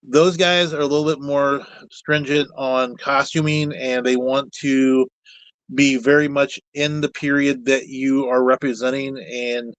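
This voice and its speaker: A man talking as a guest in a relaxed, meandering way, candid and a little salty with his words. His voice sits at an ordinary middle pitch. The sound is dry and close, without room echo. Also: unhurried. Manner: rambling, candid, peppered with mild cussing. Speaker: guest, puppet builder. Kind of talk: casual chat.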